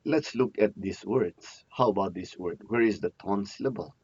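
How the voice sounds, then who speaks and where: This grammar teacher's voice is on the low side and darkish, moving at a moderate pace. Lecturing to a class, he repeats himself a lot, hammering key terms, and asks questions only to answer them. The audio is muffled and lo-fi, with a little hiss or hum.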